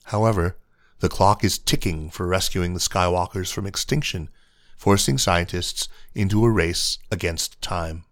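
A man giving a scripted news feature narration in an even, measured reading. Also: sits low, no room sound, clean studio sound.

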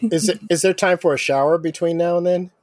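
A man's voice: sits high, fairly even intonation, fairly quick, no room sound, clean studio sound. A man playing a tabletop role-playing game, making wry, offhand remarks. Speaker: player. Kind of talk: casual tabletop role-play.

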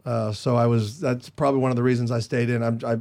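A man as an interview guest, telling stories casually and with energy, jumping higher in pitch when he quotes others. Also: fast talker, gravelly. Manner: animated, jumps higher when quoting others; chatty with many restarts. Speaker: guest comedian.

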